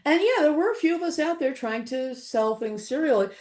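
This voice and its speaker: A woman in her sixties from Los Angeles, an author chatting as an interview guest, animated and laughing often with many fillers. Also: high-pitched, fairly quick. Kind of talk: casual interview chat.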